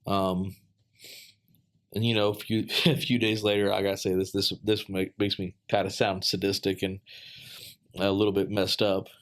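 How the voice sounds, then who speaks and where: A man telling a heartfelt personal story in a casual podcast chat, earnest and halting, with many fillers and restarts. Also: lowish voice, flat delivery, a bit bright.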